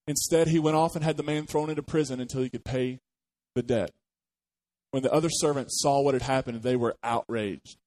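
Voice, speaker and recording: A man's voice: mid-range voice, darkish tone. A man preaching a sermon as pastor, talking conversationally, asking the congregation questions and joking as he retells a parable.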